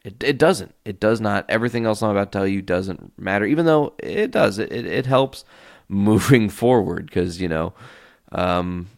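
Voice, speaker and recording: Male solo podcast host, low gravelly voice, loose storyteller who swears casually, close mic. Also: normal speed, no echo. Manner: animated, tells stories by acting out quoted voices.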